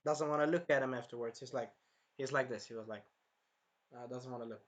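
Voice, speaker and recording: A man's voice: medium pitch, brisk, lo-fi sound. A man reviewing an anime episode in a casual, rambling recap full of fillers, sounding a bit tired. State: tired, clearing his throat.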